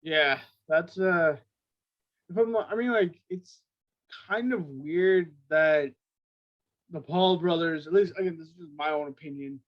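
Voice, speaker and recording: Higher-voiced man on a muffled mic. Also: measured pace. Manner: hesitant, many restarts and fillers, agrees briefly. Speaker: podcast co-host. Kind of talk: casual sports chat.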